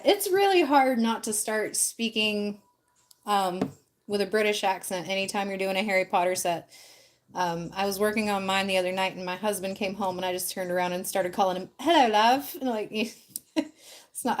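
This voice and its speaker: A woman hosting a relaxed livestream, chatting loosely and directly with her viewers, with plenty of ums and likes. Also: medium pitch, fairly quick. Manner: loose, filler-heavy talk with frequent ums and likes. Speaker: livestream host. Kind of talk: casual livestream chat.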